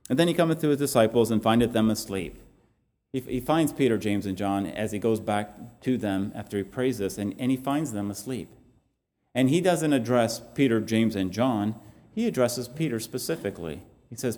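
Male preacher, earnest sermon delivery with halting restarts, mellow tone, long church reverb. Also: mid-range voice, animated.

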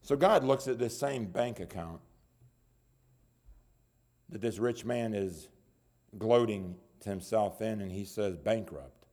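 A man preaching a sermon, dropping to low murmurs and then rising into loud appeals. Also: slow, long pauses.

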